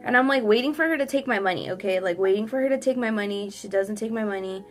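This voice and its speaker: A young woman vlogger telling a sassy, animated storytime while doing her makeup. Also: mid-range voice, fast talker, soft background music. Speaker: beauty vlogger. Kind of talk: get-ready-with-me storytime.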